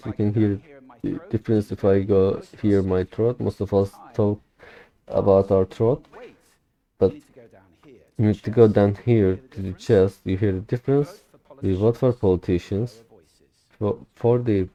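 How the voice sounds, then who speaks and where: A young man whose first language is Turkish recites a recorded speech in English to practice. His voice sits fairly low and sounds soft and mellow. He speaks deliberately, mimicking the original's stresses and stumbling now and then. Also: dull audio. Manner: careful, deliberate recitation with mimicked emphasis and occasional slips. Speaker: language learner. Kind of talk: shadowing a recorded talk aloud.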